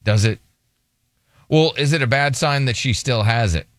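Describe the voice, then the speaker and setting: A man's voice: mid-range voice, moderate pace, fairly bright tone, no echo, clean studio sound. A man hosting a radio show, joking around and reading headlines aloud in casual banter.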